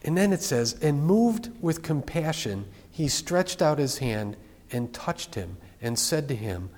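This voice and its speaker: A man's voice: on the high side, sing-song, measured pace, darkish tone, in a large hall. A man preaching a sermon as pastor, in a plain-spoken, conversational way.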